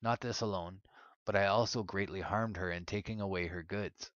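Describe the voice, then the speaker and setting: A man reading an ancient religious text aloud in a measured, solemn way. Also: low voice, steady tone, a bit bright, no echo, dull audio. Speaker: narrator.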